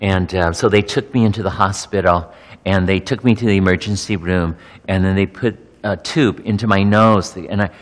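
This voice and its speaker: A middle-aged male pastor with a somewhat low voice speaks candidly to a gathered audience. He often halts and repeats words as he works through his thoughts. His voice carries a long reverb from a large hall. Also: fairly even intonation. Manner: candid, halting, repeats words while searching. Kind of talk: personal testimony talk to an audience.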